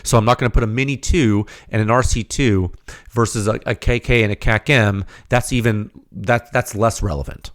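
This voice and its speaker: A man hosting a podcast, slightly hoarse and losing his voice, giving an emphatic, rhetorical unscripted technical monologue straight to his audience. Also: on the low side, moderate pace. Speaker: podcast host, firearms silencer researcher.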